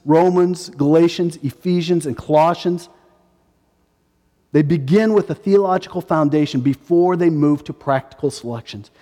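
A man's voice: high voice, a little mellow, long reverb tail. A man in his forties preaching a sermon as a pastor, emphatic and repeating his key phrases. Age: 40s.

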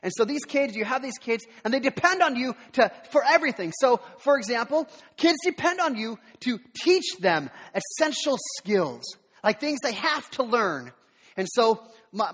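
A high-voiced, lively male pastor in his thirties preaches, telling family stories and swinging his pitch up and down as he acts out each voice. His voice rings out with a long reverb, as if in a large sanctuary. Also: moderate pace. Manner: animated storytelling, acting out voices. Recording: reverberant hall.

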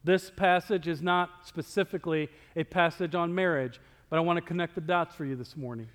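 A man preaching a sermon as pastor, talking conversationally and swinging between loud emphasis and near-whispers. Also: on the high side, steady tone, a little fast, big-room sound. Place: church sanctuary.

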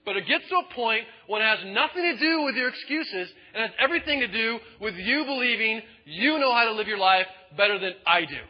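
A male preacher voicing an exasperated, demanding God who loudly rebukes a reluctant listener. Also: medium pitch, animated, moderate pace, highs cut off, voice pushed down, lightly acted. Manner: loud, rebuking, insistent.

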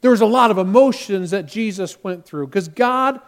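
A man's voice: high voice, lively intonation, moderate pace, gravelly. A man preaching a sermon as pastor, talking directly to his congregation and acting out quotes with rising force.

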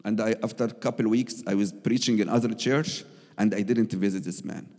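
A man's voice: on the low side, fairly even intonation, a little fast, a little mellow, long reverb tail. A man, telling his personal testimony as a missionary in earnest, broken English with frequent restarts. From Egypt.

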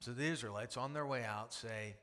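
Bright-voiced man preaching in a hall. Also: medium pitch, brisk. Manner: emphatic preaching with rhetorical questions and repetition. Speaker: pastor. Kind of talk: sermon.

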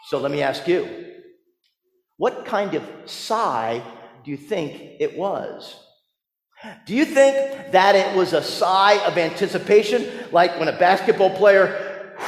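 A man preaching a sermon as a pastor, telling the story with animation and asking the congregation rhetorical questions. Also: sits high. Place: church sanctuary. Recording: echoey church hall with long reverb.

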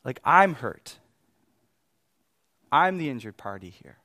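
A man in his thirties preaching, telling a family story with animated swings between exasperated outbursts and quiet reflection. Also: medium pitch, takes it slowly, dry recording, clean studio sound. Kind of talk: sermon storytelling.

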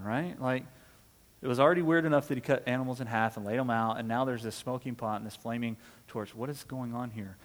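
A man's voice: medium pitch, quick pace, big-room sound. A man delivering a sermon as a pastor, conversational and full of rhetorical questions, often checking in with "right?".

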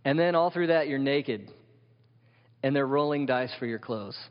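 A man's voice: medium pitch, normal speed. A man preaching a sermon as pastor, vivid and emphatic, asking the congregation rhetorical questions. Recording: dull sound with long hall reverb.

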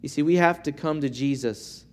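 A man preaching a sermon in an earnest, measured way, asking rhetorical questions of his listeners. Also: on the high side, darkish tone. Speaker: pastor.

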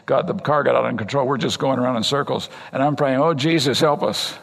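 An older man from California preaching a sermon as a pastor, talking conversationally and swinging between emphatic high points and low, quiet asides. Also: fairly even intonation, fast, gravelly. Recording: long reverb of a large hall.

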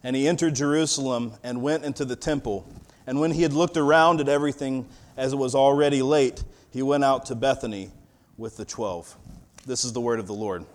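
A male pastor in his thirties reading scripture, then preaching in a relaxed storytelling way with a fatherly touch of humor. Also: mid-range voice, a little fast. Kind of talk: sermon.

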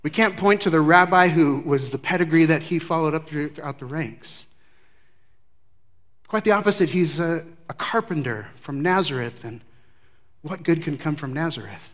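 A man preaching a sermon verse by verse, emphatic, with his voice swinging from loud declarations to hushed remarks. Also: a little high, normal speed. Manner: emphatic, varies loudness widely, drops to hushed tones. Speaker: pastor. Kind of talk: expository sermon.

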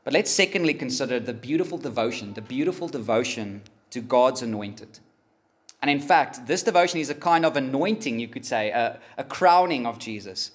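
Animated preaching man. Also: medium pitch. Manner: emphatic, pausing, rises for emphasis. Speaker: pastor. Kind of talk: sermon.

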